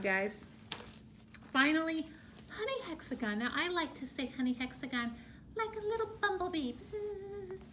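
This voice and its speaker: A woman teacher explaining shapes to young children, slow and exaggerated in her delivery. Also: fairly high pitch, a bit bright, a little hiss or hum. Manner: slow, drawn-out, exaggerated for small kids.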